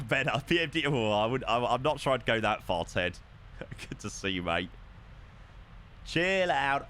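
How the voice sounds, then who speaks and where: A man streaming live, chatting casually and excitably with his viewers and swearing now and then. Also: medium pitch, a little hiss or hum. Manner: excitable, swears, talks to chat.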